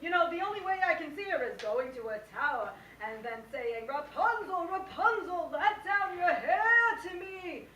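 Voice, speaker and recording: A woman's voice: very high-pitched, lively intonation, moderate pace, few pauses, pushed and bright, a little hiss or hum, full character voice. A woman playing a lovesick prince who whines melodramatically about his troubles and slips into song. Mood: self-pitying. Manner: melodramatic complaining, breaks into song. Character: lovesick male prince, whiny and self-pitying. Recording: echoey room, far from the mic.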